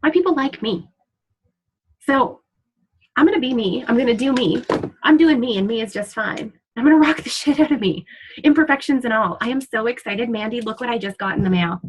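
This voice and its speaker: A woman's voice: fairly high pitch, brisk, slightly rough, low-quality recording. A woman in her thirties, a fitness coach, giving a candid and emotional motivational talk on a team call, with casual swearing. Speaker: fitness coach guest speaker. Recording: call audio.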